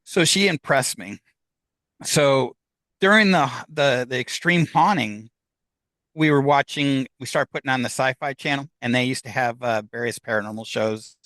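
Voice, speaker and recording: A man's voice: mid-range voice, moderate pace, a bit bright, dry recording. Middle-aged American man, guest storyteller, ordinary mid-range voice, chatty and anecdotal, dry close recording. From United States. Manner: rambling anecdotal telling, acting out what others said. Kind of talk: casual storytelling.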